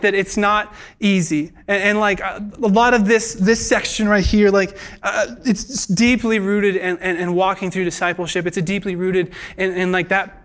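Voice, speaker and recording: A young man giving a sermon in a church, earnest and halting, with many filler words and restarts. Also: high-pitched, fairly bright tone. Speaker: preacher.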